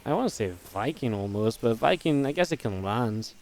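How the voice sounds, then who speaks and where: A man casting a real-time strategy match alone, in energetic play-by-play commentary with chatty asides. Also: mid-range voice, moderate pace, slight background noise. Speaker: esports caster. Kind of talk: solo play-by-play game commentary.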